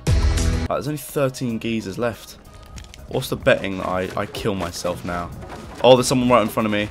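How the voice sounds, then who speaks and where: A young man giving excited live commentary over his gameplay, exclaiming and joking in slang. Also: fairly low pitch, moderate pace, over music. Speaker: gaming YouTuber.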